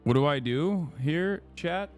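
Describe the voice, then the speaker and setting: A man's voice: on the high side, expressive, slow, faint music behind. A man hosting a live stream, giving casual gameplay commentary full of irreverent jokes aimed at his chat. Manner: joking, irreverent banter with chat. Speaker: streamer host.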